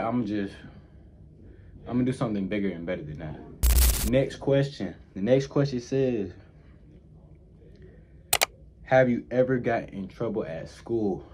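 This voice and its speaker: A man's voice: fairly low pitch, dark tone, slight background noise. A young man answering fan questions in a casual vlog. He talks in heavy slang, rambles, and repeats himself often.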